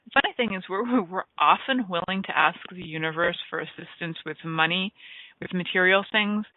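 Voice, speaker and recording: Over a tinny, phone-like line with a dry, echo-free sound, a radio talk show host speaks at normal speed in a fairly low voice. She's enthusiastic and rambling, often trailing off and starting her thoughts over.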